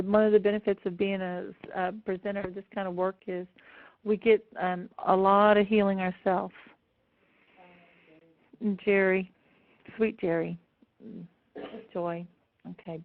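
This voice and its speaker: A woman presenting an online seminar, tender and close to tears as she speaks warmly to her attendees. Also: medium pitch. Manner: warm, affectionate address to attendees. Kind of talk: live online seminar talk. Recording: tinny phone-like audio.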